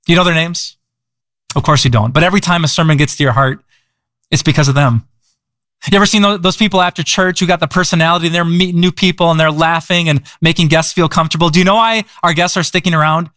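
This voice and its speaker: A male pastor preaching in a conversational way, often asking the audience questions and repeating words as he goes. His voice sits a little higher than most men's. The sound is dry and close. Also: fast, sharp tone, no echo. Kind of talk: sermon. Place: church.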